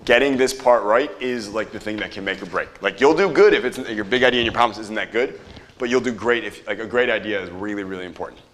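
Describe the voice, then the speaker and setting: Energetic man teaching a workshop crowd. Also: fairly low pitch, quick pace. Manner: energetic, quizzes the audience, swears casually. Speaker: marketing workshop instructor. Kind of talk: live workshop teaching to an audience. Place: room with a live audience.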